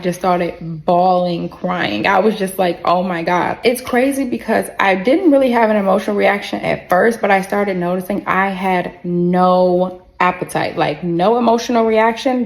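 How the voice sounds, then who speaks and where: A woman telling a personal story in a casual storytime vlog, candid and expressive, swearing freely and addressing her viewers directly. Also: medium pitch, creaky.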